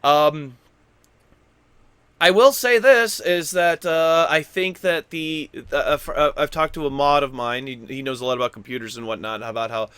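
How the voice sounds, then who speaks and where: A goofy, animated man rambles through casual gaming news commentary, his voice swinging from hushed to loud. The tone is bright and forceful, slightly high for a man, and the sound is dry and close. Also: normal speed, clear, resonant tone, no room sound. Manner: goofy, self-deprecating. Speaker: YouTube gaming news host.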